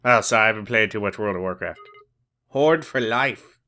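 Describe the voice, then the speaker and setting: A man's voice: on the low side, normal speed, sharp tone. A man commenting on a video game and reading its dialogue, with joking, self-mocking asides. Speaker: let's play host. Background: faint game music.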